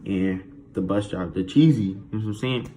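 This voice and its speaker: A man telling a childhood story in a casual, slangy, animated way. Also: on the low side, fairly quick.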